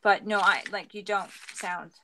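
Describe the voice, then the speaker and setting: A woman's voice: mid-range voice, fairly even intonation, measured pace, bright, forceful tone, slight background noise. A Canadian woman co-hosting a craft livestream, chatting casually and hesitantly with lots of fillers. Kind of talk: casual chat while crafting.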